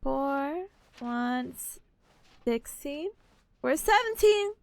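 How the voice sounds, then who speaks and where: High-pitched giggly woman streaming a game. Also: very animated, unhurried, fairly bright tone, no echo. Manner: playful, giggly, reads game text aloud.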